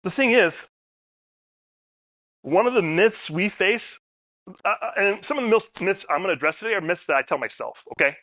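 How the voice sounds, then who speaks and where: A man's voice: sits high, moderate pace, pauses often, no room sound. A man giving a personal storytelling talk at a public forum, acting out the people in his stories. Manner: animated storyteller, acts out quotes.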